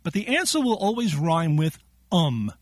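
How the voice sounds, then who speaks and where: A man's voice: a little high, normal speed, no echo. A man running a playful word quiz, joking and laughing often as he reads the questions. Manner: jokey, laughs often, animated delivery. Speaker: quiz segment contributor.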